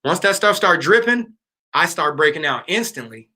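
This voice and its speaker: A livestream host in his late thirties talks casually, full of fillers and slang, as though responding to comments from viewers. His high voice is very bright and forceful, highly animated, at a normal pace.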